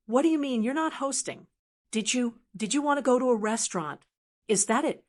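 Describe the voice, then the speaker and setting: A man's voice: extremely high pitch, animated, fairly quick. A woman voicing a panicky, self-centred grown son who sputters and stammers. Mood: startled.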